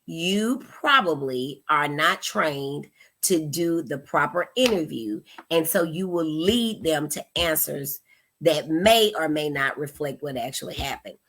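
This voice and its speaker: A woman in her thirties, a mother hosting a parenting advice talk, speaking in an animated, expressive way and acting out the questions she quotes. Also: deep voice, unhurried. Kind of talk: casual advice talk to camera.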